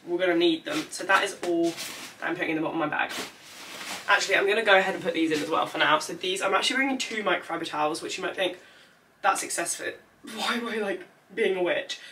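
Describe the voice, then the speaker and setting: A woman's voice: lowish voice, sharp tone, far from the mic, a little hiss or hum. A young woman chatting casually through a packing vlog, rambling with lots of fillers. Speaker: vlogger.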